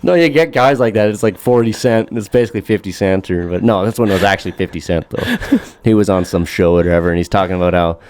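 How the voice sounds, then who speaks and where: A man's voice: lowish voice, quick pace, few pauses, darkish tone, slight background noise. A male podcast co-host in casual chat, sarcastic and swearing as he rants and mimics people. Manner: sarcastic, swears a lot, mimics voices while ranting. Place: podcast recording room.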